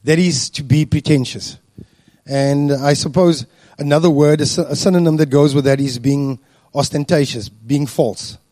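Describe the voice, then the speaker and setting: A man giving a sermon, speaking deliberately with frequent fillers and restarts. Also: fairly high pitch, warm tone, dry recording. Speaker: preacher.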